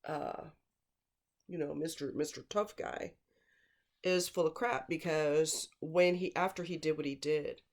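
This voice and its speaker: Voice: medium pitch, a little slow. Blunt, scornful commentator; rambles, hammers points home by repeating words, ordinary mid-range voice. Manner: emphatic, repeats words for stress; rambling, with digressions and fillers. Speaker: true-crime commentator. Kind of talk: casual spoken commentary.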